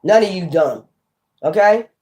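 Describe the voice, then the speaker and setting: A woman giving a casual tarot reading to viewers, emphatic and rambling, swearing freely, swinging from near-shouts to low muttering. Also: animated, unhurried, a little hiss or hum. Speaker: tarot reader.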